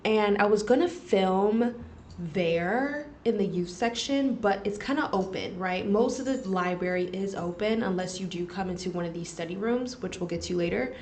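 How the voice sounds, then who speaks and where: A young woman hosting a casual podcast, telling a story in a lively, joking way, swearing and laughing as she talks to her viewers. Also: medium pitch, normal speed, a little hiss or hum. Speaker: podcast host. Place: library study room.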